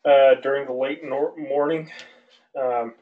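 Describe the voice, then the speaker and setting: A male aviation instructor lecturing an online class in a relaxed, loose way, with many fillers and restarts. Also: medium pitch, a little slow, narrow, tinny audio. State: out of breath.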